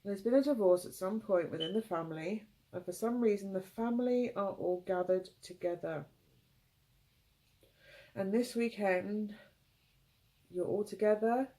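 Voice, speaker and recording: A woman giving an intuitive tarot reading, tearful, speaking in gentle, halting phrases. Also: medium pitch, low-quality recording. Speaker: tarot reader.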